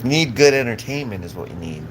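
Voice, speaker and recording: Casting: man, live-streamer, swearing, rambling agitated rant, mid-pitched. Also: animated, quick pace, noisy background. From Southern California. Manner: profane, agitated, rambling with frequent restarts.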